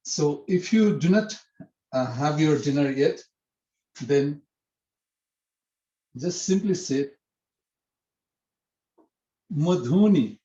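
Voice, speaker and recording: A man leads an online language lesson, speaking very slowly and a little high. He explains each point patiently and repeats words for the learners. The audio is echoey and dull. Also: animated, warm tone. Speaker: language teacher.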